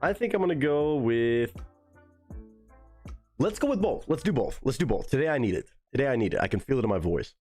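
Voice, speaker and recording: A young man streaming from home, chatting loose and profane, and his pitch jumps all over. Faint music sits under his voice. He thinks out loud, rambling between topics. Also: big pitch swings, a little fast. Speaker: live streamer and actor. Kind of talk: casual live-stream chat.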